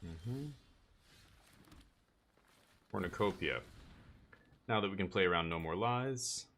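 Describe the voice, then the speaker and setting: A man's voice: sits low, takes it slowly, a bit bright. A man streaming a card game live, thinking aloud and muttering his plays as he goes.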